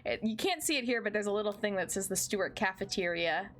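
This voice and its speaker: A young woman streaming a game, reading the narration and joking between lines in a giggly, excitable way. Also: medium pitch, fast, faint music behind. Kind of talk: game playthrough with narration and commentary.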